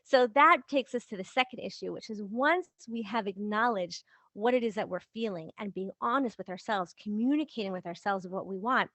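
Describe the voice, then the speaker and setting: A woman's voice: mid-range voice, fairly quick, dry recording. A woman hosting a podcast as a relationship coach, talking casually and acting out everyday examples in little voices. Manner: lively, acts out quoted examples in little voices. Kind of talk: casual advice talk.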